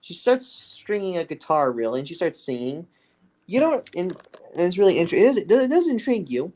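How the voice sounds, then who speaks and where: A woman runs a tabletop game, narrating in loose, rambling sentences. Her voice is low yet swings widely in pitch. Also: big pitch swings, brisk, mellow. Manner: rambling, restarting phrases, laughing often. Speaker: game master.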